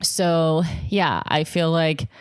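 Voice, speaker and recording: Young woman vlogger, low smooth voice, dry close sound, candid and profane. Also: fairly even intonation, slow, no echo. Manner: frank and profane, heavy use of "like". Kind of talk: candid personal monologue.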